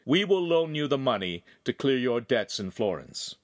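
A man voicing a commanding, good-humored nobleman who gives orders briskly and teases. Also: medium pitch, sing-song, no echo, studio quality, pitched above the performer's own voice, close to an everyday voice.

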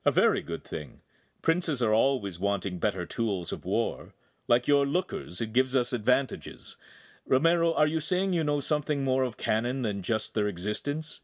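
A shrewd, jovial ruler, voiced by a male reader in an audiobook. He speaks in a grand, measured way. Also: medium pitch, very animated, no echo, studio quality, close to an everyday voice. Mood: genial. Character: powerful older male ruler, genial and shrewd. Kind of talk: audiobook character voice.

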